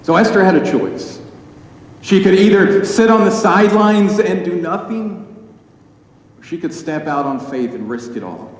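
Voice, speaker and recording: A man's voice: medium pitch, a little mellow. Man preaching in an echoey hall. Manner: earnest preaching with dramatic pauses. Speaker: pastor. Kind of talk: sermon. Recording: echoey hall with faint noise.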